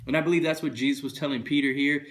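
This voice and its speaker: A man preaching a funny, conversational sermon. He is an animated storyteller who slips into other people's voices as he tells the story. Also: mid-range voice, rapid-fire. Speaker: pastor. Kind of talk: funny sermon with acted bits.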